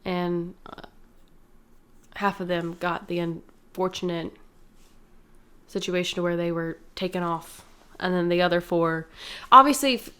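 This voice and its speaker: A woman's voice: fairly low pitch, measured pace, long pauses, pushed and bright, clear, resonant tone. A young woman co-hosts a casual podcast chat. She thinks aloud in a hesitant way, with frequent ums and restarts. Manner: thoughtful, hesitant, many fillers. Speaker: podcast co-host.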